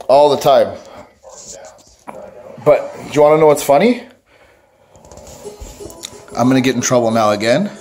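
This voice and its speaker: A father who vlogs chats casually to his camera in a mid-range, darkish voice with a Toronto accent. He jokes, rambles, and laughs at himself.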